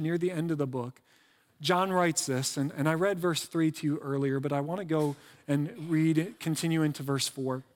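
A man delivers a sermon in a relaxed, talky manner, often restarting a phrase or adding a quick aside. His voice sits high for a man. A long reverb trails his words, as in a big hall. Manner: conversational preaching with restarts and asides. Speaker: pastor.

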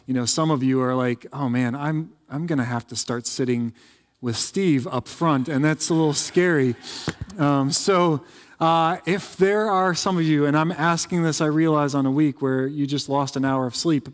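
A man's voice: on the high side, moderate pace. A man preaching a sermon in a church sanctuary, talking in a conversational, joking way with lots of fillers and restarts. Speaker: pastor. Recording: reverberant sanctuary.

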